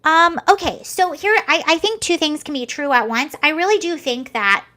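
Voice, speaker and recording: A woman's voice: high voice, normal speed, bright, forceful tone. A young American woman vlogging casual commentary, chatty and rambling with many fillers and restarts. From United States.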